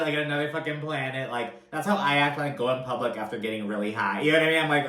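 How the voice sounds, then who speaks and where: A man's voice: on the high side, fast, few pauses, pushed and bright. Chatty profane man in a roomy space. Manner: chatty, profane, filler-heavy. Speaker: reality TV recap host. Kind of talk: casual commentary. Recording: roomy echo.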